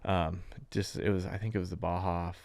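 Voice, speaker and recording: A man who races off-road trucks, talking as a podcast guest in a rambling, animated way with many "like"s. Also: low-pitched, brisk, creaky, no echo. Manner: rambling, animated, heavy use of "like". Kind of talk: casual podcast conversation.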